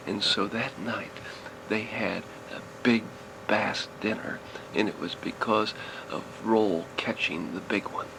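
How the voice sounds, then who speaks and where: A man's voice: on the low side, fairly even intonation, takes it slowly, gravelly. An older man telling a children's story in a folksy, rambling way, often restarting his sentences. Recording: noisy recording, vehicle noise behind.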